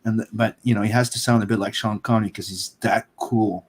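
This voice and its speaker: A man's voice: lowish voice, fairly even intonation, a little fast, husky. A man hosting a livestream, chatting casually and rambling with many fillers. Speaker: stream host. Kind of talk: casual chat.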